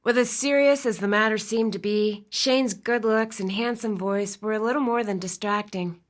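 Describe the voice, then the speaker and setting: A woman narrating a romance audiobook in an expressive storytelling style. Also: mid-range voice, normal speed. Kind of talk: scripted narration.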